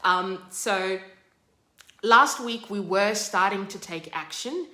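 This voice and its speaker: A woman hosting a study session, teaching in a chatty, animated way. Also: mid-range voice, slow pace, echoey room. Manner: chatty, animated storytelling, laughs often. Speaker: study group host. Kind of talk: casual teaching monologue.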